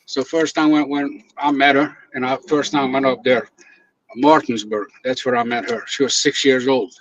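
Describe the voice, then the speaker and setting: A man's voice: mid-range voice, normal speed. A man telling stories in casual chat, acting out the people he quotes and laughing often. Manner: animated storyteller, acts out quotes, laughs often. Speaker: guest videographer. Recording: dull lo-fi dry sound.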